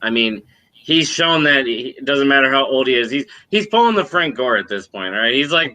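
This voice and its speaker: A man co-hosting a podcast in casual chat over a video call, laid-back and joking, talking in quick bursts. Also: medium pitch, expressive, bright, forceful tone, rough recording. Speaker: podcast co-host.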